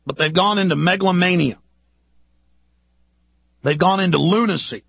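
A man hosting a radio talk show, delivering an urgent, ranting political monologue full of rapid-fire rhetorical questions. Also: high-pitched, vocal fry, a bit bright, breathy edge, dry recording, muffled recording. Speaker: radio host.

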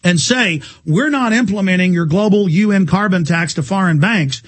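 Man, talk radio host, husky, high-pitched, fervent, emphatic. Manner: fast, fervent, emphatic rants. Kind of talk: political talk radio interview.

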